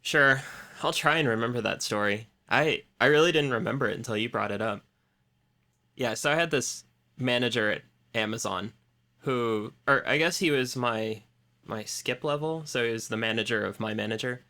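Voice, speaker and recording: Bright-voiced man trading wry asides. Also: medium pitch, normal speed. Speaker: podcast co-host. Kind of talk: casual chat.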